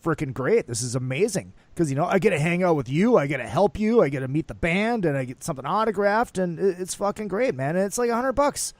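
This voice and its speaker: A man's voice: sits high, animated, fast, hardly any pauses, no echo. A man hosting a casual talk show, speaking loosely with cursing and jokes. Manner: loose, profane, joking. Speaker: show host.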